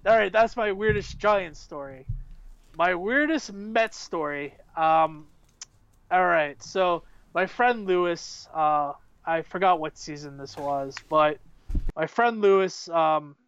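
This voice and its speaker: Smooth-voiced man telling rambling stories. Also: high voice, a little slow, dry recording, dull audio. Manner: rambling, excitable, many fillers and restarts. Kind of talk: casual storytelling chat.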